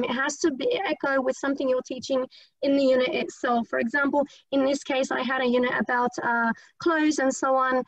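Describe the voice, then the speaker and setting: A woman teacher giving an online training talk, quick and chatty, with many fillers and restarts. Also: high-pitched, creaky, no echo. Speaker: English teacher presenting at a conference. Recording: dry, slightly dull lo-fi audio.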